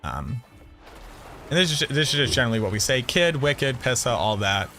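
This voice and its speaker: Very animated and a little fast, a game streamer from the Boston area banters brashly with his livestream audience, swearing and cracking jokes. His medium-pitched voice is bright and forceful, carries a Boston accent, and has soft background music under it.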